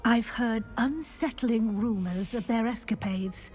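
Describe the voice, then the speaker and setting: A proper, worried professor in a video game, voiced by a woman, formal and polite in a slightly high voice. Faint game music plays behind her. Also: a little slow, darkish tone, close to an everyday voice. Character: proper, concerned female professor.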